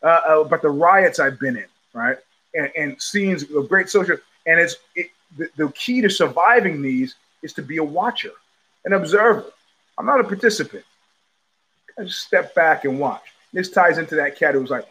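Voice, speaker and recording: A man's voice: fairly high pitch, fairly bright tone, poor audio. Rambling, stammering middle-aged male host. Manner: digressive, stammering restarts, profane, quick laughs. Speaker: podcast host. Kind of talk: rambling live-stream monologue. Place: home.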